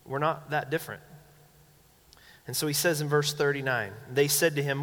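Animated young man preaching in a hall. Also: a little fast. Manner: animated, acts out quoted voices with big pitch swings. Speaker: pastor. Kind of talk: sermon. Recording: long hall reverb.

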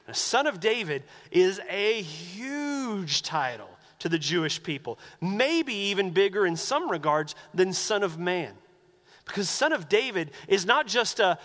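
A man preaching a sermon as pastor, animated and acting out the voices he quotes. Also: high-pitched, measured pace, big-room sound.

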